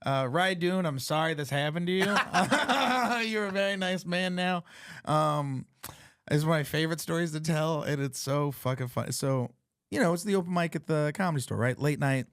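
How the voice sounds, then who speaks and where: A man's voice: on the high side, normal speed, fairly bright tone, clean tone, no echo. A man hosting a podcast, telling a story in casual chat, laughing often and swearing freely. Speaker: podcast host.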